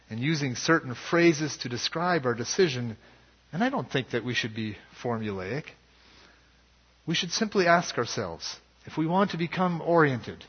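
A man preaching a sermon as pastor, in a measured and earnest way. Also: mid-range voice, husky. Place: church sanctuary. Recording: dull lo-fi sound with long hall reverb.

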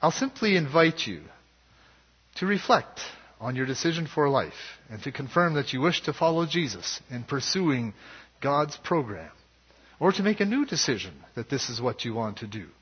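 A man preaching a sermon as pastor, in a measured and earnest way. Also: medium pitch, sing-song, slightly rough. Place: church sanctuary. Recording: dull lo-fi sound with long hall reverb.

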